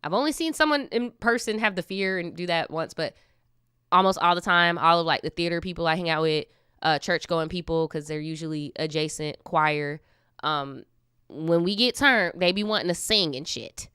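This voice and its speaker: A woman's voice: on the low side, normal speed, bright, forceful tone, clean tone, no echo, clean studio sound. A young adult woman hosting a casual storytime, reacting with slangy, candid commentary and laughing asides. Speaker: storytime host.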